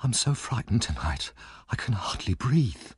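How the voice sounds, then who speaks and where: A man's voice: lowish voice, very animated, measured pace, slightly rough, no room sound, voice pushed up, heavily acted. A frightened young woman from a thieves' gang speaks in a raised, breathless voice, performed by a man reading an audiobook. She presses her words out urgently, full of fear. The sound is close and dry. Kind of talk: audiobook character voice.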